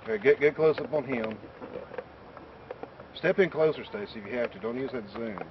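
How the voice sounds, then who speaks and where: A man's voice: medium pitch, normal speed. A man acting in and directing an amateur film shoot, with a folksy way of talking. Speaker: amateur actor and director on set. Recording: dull lo-fi camera audio with faint noise.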